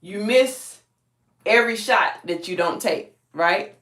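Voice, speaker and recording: A woman's voice: medium pitch, slow, a bit bright, reverberant. A woman real estate agent with a Southern accent teaches a live-streamed lesson in a folksy way, quizzing her viewers and calling them y'all.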